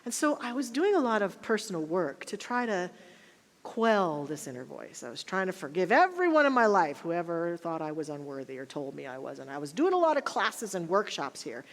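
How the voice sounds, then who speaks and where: Woman minister, storytelling sermon, very lively pitch, church hall reverb. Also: normal speed. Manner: storytelling, animated and self-mocking. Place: church sanctuary.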